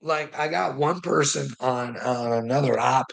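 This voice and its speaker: A man's voice: mid-range voice, measured pace, gravelly, fairly bright tone. A weary man ranting in a profane monologue to the camera, swearing constantly and stammering through restarts. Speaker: vlogger.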